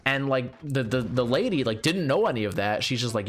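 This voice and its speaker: A man's voice: medium pitch, animated, brisk, slight background noise. A man casually telling a family ghost story over gameplay, rambling and profane with lots of fillers. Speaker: gaming channel host.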